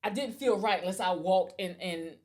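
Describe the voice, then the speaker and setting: On her podcast, a woman with a medium-pitched voice at normal speed tells a personal story in a casual, animated way. She acts out quoted voices, and restarts and stammers when it turns emotional.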